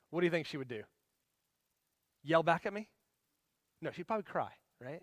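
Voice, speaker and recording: A man's voice: fairly high pitch, animated, moderate pace, no room sound, clean studio sound. Man in his forties teaching a marriage class. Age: 40s. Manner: casual, conversational, acts out scenes.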